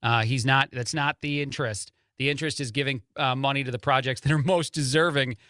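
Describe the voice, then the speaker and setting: A man's voice: medium pitch, steady tone, brisk, pushed and bright, no room sound, studio quality. A man filling in as a talk radio host, giving opinionated commentary with lots of "uh" fillers and chuckles at the stories.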